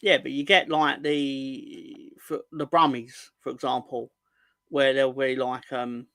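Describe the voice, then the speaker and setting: A man's voice: mid-range voice, level tone, slow, vocal fry, a bit bright, no room sound. A man, co-hosting a casual podcast, rambling, swearing freely and slipping into mocking impressions. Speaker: co-host.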